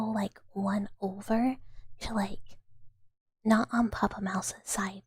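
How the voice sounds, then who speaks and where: A woman chats with her stream in a very breathy, soft whisper, close to the mic in a dry space. Her talk drifts and rambles, full of little fillers. Her pitch sits in an ordinary middle range for a woman. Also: dry recording. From Southern United States. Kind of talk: whispered ASMR live stream chat.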